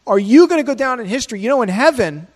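A man's voice: extremely high pitch, animated, fast. A man preaching a sermon in a provocative, conversational way, with many rhetorical questions. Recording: long hall reverb.

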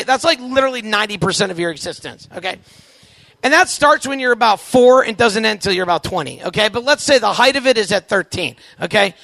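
High, bright-voiced man telling a comic story. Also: gravelly, dry recording. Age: 40s. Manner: animated, acts out voices, punchy asides to the crowd. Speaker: youth camp speaker. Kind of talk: comedic storytelling to a live audience.

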